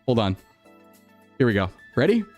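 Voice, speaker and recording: A VTuber streaming live has a medium-pitched, darkish voice with big pitch swings and a moderate pace, with soft background music playing. Using a desktop streaming mic, he chats casually and laughs while defending himself in a flustered way.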